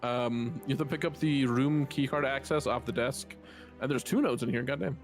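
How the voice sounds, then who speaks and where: A man's voice: mid-range voice, normal speed, soft background music. A young man streaming a video game, chatting casually with a friend and reading in-game notes aloud in playful voices.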